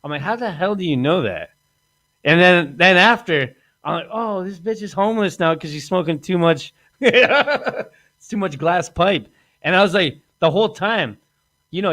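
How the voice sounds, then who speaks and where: Pitched on the high side, his voice has lively intonation, a fairly bright tone, and a moderate pace. The man, a podcast host, rambles through crude anecdotes, laughs a lot, and acts out the quotes.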